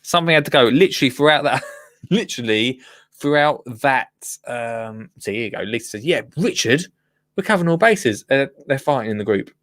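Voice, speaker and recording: A man hosting a live gardening phone-in show, chatting casually and rambling excitedly with listeners. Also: mid-range voice, moderate pace. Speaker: gardening podcast host.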